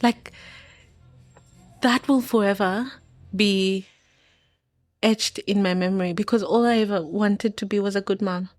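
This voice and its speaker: This studio-quality, echo-free clip features a Kenyan woman in her thirties with a mid-range voice, speaking a little slowly and pausing often. A guest on a podcast, she tells an emotional personal story openly, laughs a lot, and acts out the voices of others.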